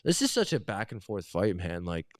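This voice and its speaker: A man's voice: low-pitched, wildly swooping pitch, moderate pace, no echo, studio quality. A man on a live stream as a guest, chatting casually, rambling through restarts and swearing a lot.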